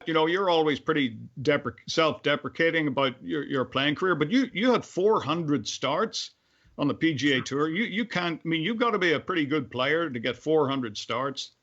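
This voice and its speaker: A male host asks questions over a video call, stumbling and repeating words. His voice sits a little high, and the audio comes through dull. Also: animated, moderate pace, a bit bright. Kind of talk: interview questions.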